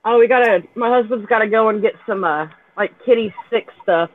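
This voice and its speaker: A woman's voice: fairly high pitch, brisk, dry recording. A blunt woman who swears casually, chatting over a tinny phone-like line. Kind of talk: casual chat.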